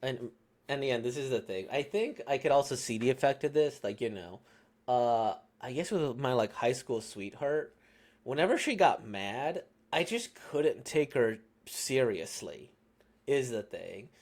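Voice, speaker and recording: A man's voice: medium pitch, expressive, measured pace, a little mellow. A man giving casual reaction commentary on a comic, musing aloud and hesitant, with lots of ums and self-corrections.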